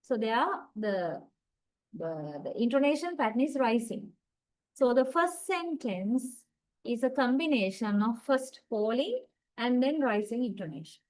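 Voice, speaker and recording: Higher-pitched woman lecturing step by step. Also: animated, a little slow, a little mellow, poor audio. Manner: explains step by step, often checks with "right?"; demonstrates intonation with spoken examples. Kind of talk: university lecture.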